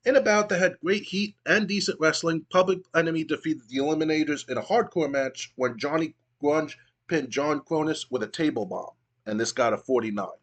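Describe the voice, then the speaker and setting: A man's voice: fairly high pitch, fairly quick, fairly bright tone. A man narrating his wrestling sim playthrough in a casual, play-by-play way. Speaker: gaming video host.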